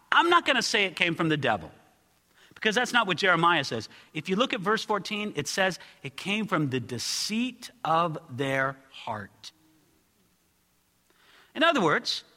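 A man preaching an expository sermon, earnest and building to loud pleading passages. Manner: earnest, rises high and loud when acting out pleas. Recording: long hall reverb.

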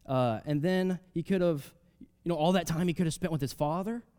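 A man preaching a sermon, reading scripture aloud and explaining it in a conversational way, swinging between loud emphatic rises and soft drops. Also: fairly high pitch, moderate pace, clean tone. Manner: reads scripture aloud, then explains it casually with fillers.

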